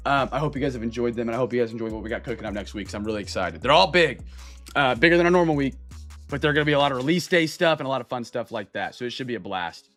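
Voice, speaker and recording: A man's voice: medium pitch, expressive, fairly bright tone, soft background music. Upbeat man hosting a live card break. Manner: upbeat, chatty, greets viewers by name, drawn-out hype calls. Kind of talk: live stream chat with viewers.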